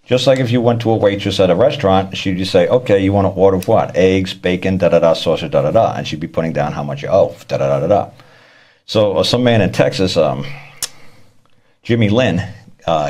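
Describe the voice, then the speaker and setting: Speaking a little fast in a low, darkish, animated voice, the man casually explains court matters, repeating himself as he rambles. He is a speaker on law and court tactics who acts out the people he quotes.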